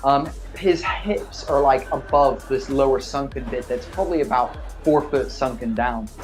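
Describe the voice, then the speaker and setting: A man's voice: mid-range voice, normal speed, faint music behind. A man running a tabletop game as game master, describing scenes with many fillers. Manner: rambling, filler-heavy description.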